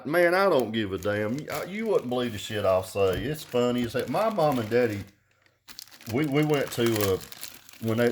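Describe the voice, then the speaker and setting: A man talking loosely and loudly while unboxing and reviewing a car amplifier, full of cussing and jokes. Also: fairly low pitch, slight background noise. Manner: rambling, profane, loud and jokey. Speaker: vlogger reviewing car audio gear. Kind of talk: casual unboxing chat.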